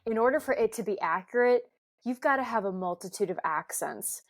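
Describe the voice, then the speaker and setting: A woman's voice: a little high, animated, fairly quick. A woman from Kentucky co-hosting a podcast, chatting casually and often stopping to restart her sentences. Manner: chatty, self-interrupting. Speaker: podcast co-host. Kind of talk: casual chat.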